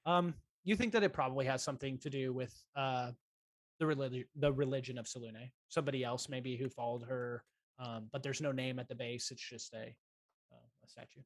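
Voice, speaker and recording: A man's voice: mid-range voice, steady tone, fairly quick, dry recording. A man narrating as game master of a tabletop game, describing scenes with many ums and uhs. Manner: hesitant, full of ums and uhs.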